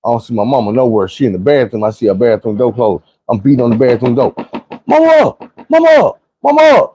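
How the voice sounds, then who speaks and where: A man's voice: mid-range voice, quick pace, slight background noise, rough recording. A young man telling a profane, vivid personal story in a casual monologue. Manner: vivid, profane retelling with shouted quotes.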